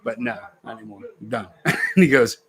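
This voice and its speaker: A man's voice: medium pitch, animated, normal speed. A middle-aged man telling a story in casual chat, acting out quoted voices and laughing often.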